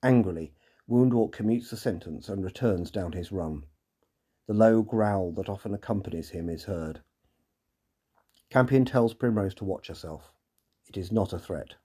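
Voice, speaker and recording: A man narrates a scripted podcast recap, slipping in dry, sarcastic comments as he goes. His voice sits low and mellow, with a husky edge. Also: normal speed. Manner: dry, wry and sarcastic asides.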